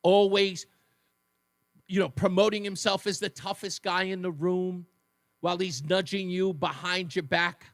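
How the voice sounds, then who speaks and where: A man's voice: fairly even intonation, unhurried, no echo, studio quality. A man hosting a talk radio show, delivering a fiery, mocking monologue and taking callers. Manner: fiery, mocking, mimics others in shrill voices. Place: radio studio.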